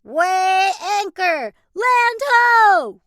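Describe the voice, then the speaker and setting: A woman voicing a rowdy pirate crewmate, shouting drawn-out pirate calls. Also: extremely high pitch, animated, dry recording, studio quality, pitched above the performer's own voice, exaggerated voice. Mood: hearty shouting.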